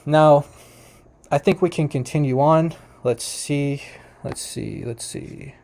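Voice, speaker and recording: A man's voice: a little high, slow pace, gravelly, a little mellow, slight background noise. A man giving casual commentary on debate clips, rambling with many restarts and fillers, and chuckling now and then. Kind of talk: casual commentary over a screen share.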